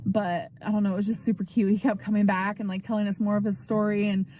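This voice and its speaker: A woman's voice: medium pitch, level tone, fast talker, warm tone, a little hiss or hum. A woman talking casually to her camera as a vlogger, chatty and full of "like.". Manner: chatty, peppered with "like". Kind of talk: casual vlog chat. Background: background music.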